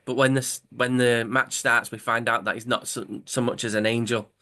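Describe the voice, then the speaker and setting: Man, podcast co-host, casual chat, rambling, mid-pitched voice. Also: flat delivery, normal speed, bright, forceful tone. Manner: rambling, self-correcting, hesitant fillers. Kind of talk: casual chat retelling a comic story.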